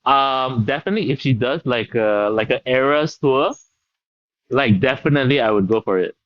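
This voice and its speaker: A man being interviewed as a guest, friendly and hesitant, filling pauses with um and like. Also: mid-range voice, no echo, lo-fi sound. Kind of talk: casual interview chat.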